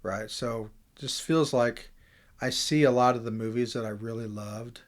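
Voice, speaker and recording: Male podcast guest, mid-pitched, animated and chatty storyteller. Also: unhurried. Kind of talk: casual conversation.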